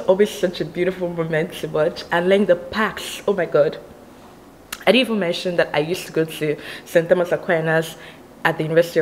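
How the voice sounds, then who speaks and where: A woman's voice: lowish voice, a little hiss or hum, low-quality recording. A young woman from Nigeria chatting casually to her viewers as a vlogger, giggly and full of "like" fillers. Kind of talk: casual chat between sung songs.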